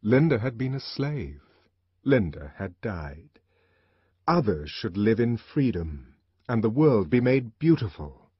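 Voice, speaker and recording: Husky, expressive audiobook narrator. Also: male voice, fairly low pitch, slow, no room sound. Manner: expressive, dramatic reading. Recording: dull, dry lo-fi recording.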